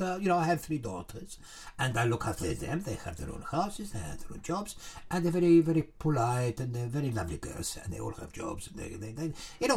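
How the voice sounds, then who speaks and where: Middle-aged man, husky and bright, lively pitch, digressive storyteller who chuckles as he goes. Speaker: shopkeeper telling a joke. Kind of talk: rambling joke-telling.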